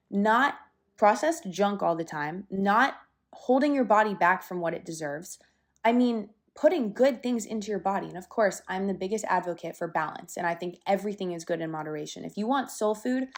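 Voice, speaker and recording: Chatty young woman hosting a podcast. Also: medium pitch. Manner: chatty and candid, with some swearing and lots of fillers. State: a little out of breath. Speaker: podcast host. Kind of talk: casual solo podcast monologue.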